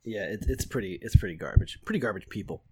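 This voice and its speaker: A man's voice: on the low side, expressive, quick pace, dark tone, husky. A man co-hosting a podcast, asking exasperated, swearing questions about a Bible story. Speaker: podcast co-host. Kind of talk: casual irreverent Bible commentary.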